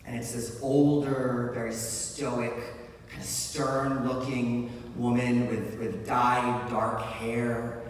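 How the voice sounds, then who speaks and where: A man telling a true story on a live stage in an animated, breathless way, often laughing at himself. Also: mid-range voice, slow, far from the mic. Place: large live venue. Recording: echoey hall, heard from afar.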